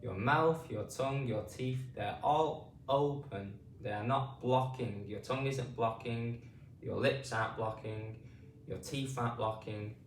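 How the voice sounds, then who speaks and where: A British man teaching phonics, repeating drawn-out vowel sounds slowly for beginners. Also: mid-range voice, echoey room, distant mic, a little hiss or hum. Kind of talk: slow spoken pronunciation lesson.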